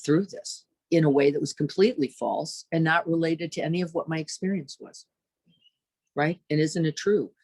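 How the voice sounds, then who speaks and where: A woman meditation teacher giving a dharma talk, lively and searching, tossing rhetorical questions to her listeners and acting out inner voices. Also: low-pitched, normal speed, husky, dry recording.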